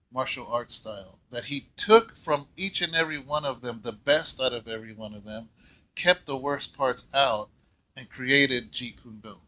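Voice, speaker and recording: A man pastoring a church, telling a story in a casual, rambling way and often clearing his throat. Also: mid-range voice, sharp tone, low-quality recording. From California. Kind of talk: casual Bible talk.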